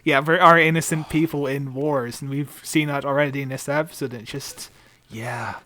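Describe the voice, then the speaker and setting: A man's voice: medium pitch, fairly even intonation, normal speed, sharp tone. A man co-hosting a casual podcast discussion, earnest and reflective, repeating words as he thinks. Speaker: podcast co-host.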